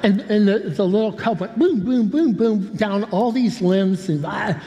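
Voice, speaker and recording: Older male pastor, warm mellow tone, a bit high, rambling storyteller. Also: measured pace. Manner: rambling, self-interrupting with humorous asides. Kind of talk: sermon storytelling. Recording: long hall reverb.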